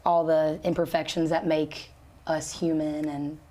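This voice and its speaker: A woman singer being interviewed, talking in a relaxed, chatty way with easy laughs and plenty of fillers. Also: low-pitched, a little slow. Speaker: country singer and guest. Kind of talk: casual interview chat.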